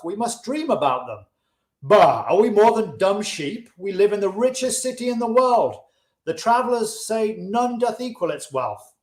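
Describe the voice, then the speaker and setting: A man reading the part of an earnest, discontented chariot maker, speaking old-fashioned English with passion. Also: fairly high pitch. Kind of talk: audiobook-style reading of a classic. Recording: roomy echo.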